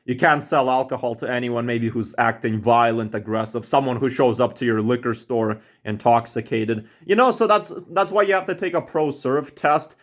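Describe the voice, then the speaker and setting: Young man, home vlog rant, rambling, filler-heavy, annoyed pitch spikes, mid-range voice. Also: moderate pace, few pauses. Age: young adult. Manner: complaining, rambling with many fillers, pitch jumps up when annoyed. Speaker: vlogger. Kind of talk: casual ranting monologue. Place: at home indoors.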